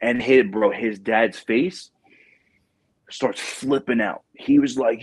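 A man hosting a casual chat, telling a recruiting story with lively acted-out quotes and plenty of "bro". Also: medium pitch, slow, husky, no echo. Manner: animated storyteller, acts out quotes, says "bro". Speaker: podcast host, Marine recruiting staff sergeant.

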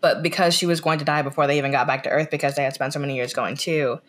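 Talking very fast in a low voice with a steady tone, an American woman chats casually as a podcast guest. She rambles with lots of "like" fillers and restarts, acting out scenes by quoting what was said.

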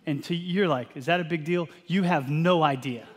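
A man in his thirties from Texas, a pastor preaching a sermon and telling an animated, self-deprecating family story. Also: on the high side, normal speed. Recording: long hall reverb.

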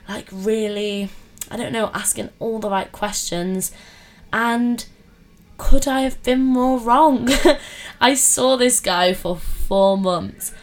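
A young woman, telling dating stories in a chatty, animated way with lots of fillers. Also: medium pitch. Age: 20s. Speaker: podcast host. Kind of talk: casual storytelling chat.

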